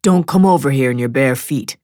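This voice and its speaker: A woman narrator voicing a steady, protective husband and father, firm with the dog and gentle with his family, in an audiobook. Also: rumbling low, fairly quick, dry recording, studio quality, pitched below the performer's own voice. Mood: calm. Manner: firm then gently reassuring. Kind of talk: audiobook character voice.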